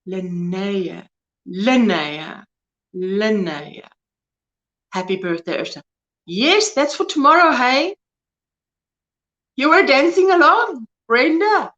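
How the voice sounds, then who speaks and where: A woman's voice: a little high, sharp tone, highs cut off. A woman in her fifties with a South African accent, hosting a casual crochet livestream from home, chatting with viewers, greeting them by name and laughing often. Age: 50s. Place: at home, indoors.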